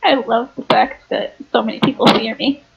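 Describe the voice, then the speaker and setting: A woman's voice: on the high side, steady tone, normal speed, gravelly, husky, highs cut off. A young woman playing a tabletop game, brash and gleeful, laughing as she describes her moves. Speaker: player.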